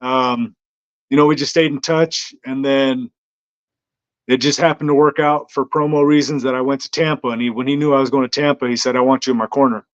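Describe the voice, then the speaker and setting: A man's voice: mid-range voice, fairly even intonation, a little fast, clear, resonant tone. A man, a fighter being interviewed, telling stories in an easygoing, hesitant way with lots of ums. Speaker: bare knuckle fighter, guest. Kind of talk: casual interview storytelling. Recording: dull lo-fi sound.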